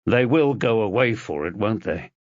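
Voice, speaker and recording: A man's voice: on the low side, animated, normal speed, no echo, lightly acted. Man playing a terse, tense detective. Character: tense male detective, protective husband. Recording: dull lo-fi audiobook recording.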